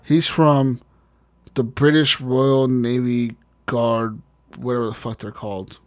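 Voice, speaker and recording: A man's voice: mid-range voice, flat delivery, takes it slowly, smooth. A man co-hosting a casual gaming podcast, swearing freely and joking through rambling rants. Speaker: podcast co-host.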